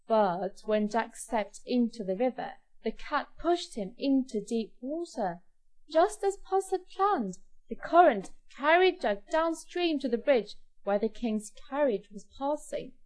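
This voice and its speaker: A woman narrating a children's fairy tale in an expressive, clear storybook style. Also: on the high side, measured pace.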